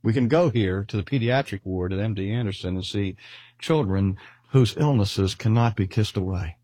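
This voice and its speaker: An older man giving an earnest sermon and slowing down to stress key phrases. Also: on the low side, dark tone, husky, no room sound. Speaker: preacher.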